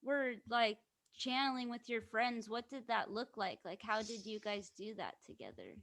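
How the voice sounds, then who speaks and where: A woman's voice: a little high, animated, normal speed, a bit bright. A woman hosting a podcast interview, asking questions eagerly with enthusiastic short reactions and laughs. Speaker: podcast host. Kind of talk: casual interview chat.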